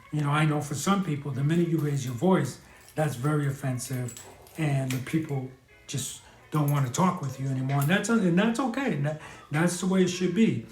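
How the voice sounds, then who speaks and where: A man from New hosts a live stream, talking candidly and earnestly with many fillers and restarts. His voice sits a little high for a man. The room gives the sound a clear echo. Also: a little mellow. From New York. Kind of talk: casual live-stream advice talk.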